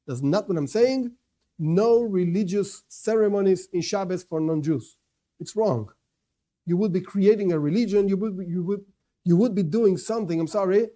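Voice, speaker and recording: A man's voice: high voice, warm tone. A man teaching a religious lesson, emphatic, often repeating himself and correcting his words mid-sentence. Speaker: Torah teacher. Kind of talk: religious lesson to non-Jews.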